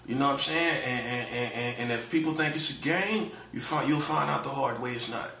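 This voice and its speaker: Guy going off as a self-styled prophet, blunt, keeps repeating himself, sharp high voice, roomy dull lo-fi sound. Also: a little fast, creaky, a little hiss or hum. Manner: blunt and emphatic, repeats phrases, swings between loud highs and low mutters. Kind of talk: casual streetwise monologue. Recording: echoey room, dull lo-fi sound.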